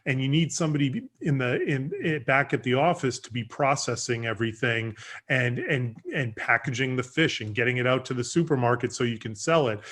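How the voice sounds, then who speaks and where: A man's voice: medium pitch, a little fast, fairly bright tone. A man hosting a casual interview, talking in an enthusiastic, rambling way with lots of restarts. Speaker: podcast host.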